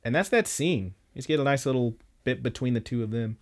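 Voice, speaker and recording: A man's voice: medium pitch, animated, fairly quick. A man on a podcast casually retelling an anime episode, loose and profane, with lots of fillers. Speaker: podcast host.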